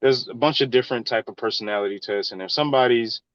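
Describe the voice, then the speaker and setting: A man's voice: mid-range voice, fast talker, fairly bright tone, no room sound, lo-fi sound. A man, an engineer in real estate, answering interview questions in an earnest, conversational way. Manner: earnest, advice-giving, conversational.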